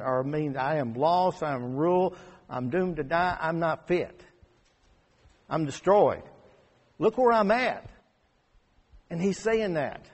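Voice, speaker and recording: A man preaching a conversational sermon. He rises to emphatic peaks and drops to quiet asides. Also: a little high, expressive, takes it slowly, long pauses, husky. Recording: long hall reverb.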